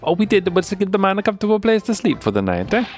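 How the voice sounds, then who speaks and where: A man's voice: sits high, big pitch swings, rapid-fire, a little mellow, soft background music, pitched above the performer's own voice. A man putting on a shady witness with a hammy foreign accent. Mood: indignant. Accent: put-on foreign accent. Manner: theatrical, sing-song, pleading with 'eh?' tags. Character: excitable shady male witness, middle-aged.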